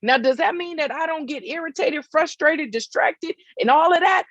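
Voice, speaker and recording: A woman's voice: high-pitched, moderate pace, fairly bright tone, no room sound. Woman, motivational speaker, emphatic, repetitive, lo-fi dry sound. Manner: emphatic, repetitive, checks in with listeners. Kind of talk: faith-based motivational talk. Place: outdoors in hot weather.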